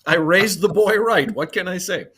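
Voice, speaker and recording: A man's voice: high voice, lively intonation, normal speed, a little hiss or hum. A middle-aged man from Boston talking in casual chat on a podcast, telling stories with fillers and easy laughs. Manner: warm storyteller with fillers and laughs. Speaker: podcast guest.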